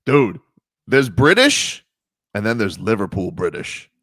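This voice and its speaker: A man's voice: on the low side, big pitch swings, unhurried, fairly bright tone, no echo, studio quality. A man hosting a sports radio show, chatting loosely and joking with lots of fillers. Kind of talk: casual sports radio chat.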